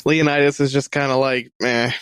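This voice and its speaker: A man's voice: medium pitch, fairly even intonation, moderate pace, clean tone, no room sound. A man playing a tabletop role-playing game, rambling and searching for words as he describes his character. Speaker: player. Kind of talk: casual tabletop role-play.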